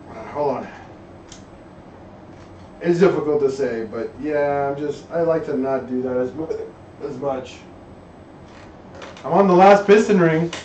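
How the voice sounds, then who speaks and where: A man chats casually into a live stream while he works on an engine, reading viewer messages aloud and wandering off mid-thought before starting over. His voice sits a little high for a man and sounds distant from the mic. The garage around him is echoey, the sound dull and muffled, with a faint hum in the background. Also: darkish tone. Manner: rambling, reads chat aloud, trails off and restarts. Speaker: livestream host working on an engine.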